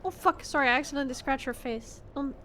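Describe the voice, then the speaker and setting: A woman's voice: high voice, fast talker, bright, forceful tone, slight background noise. A woman streamer chatting casually with her viewers about her cat, her voice nasal from a cold, swearing and laughing often. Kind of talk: casual live-stream chat.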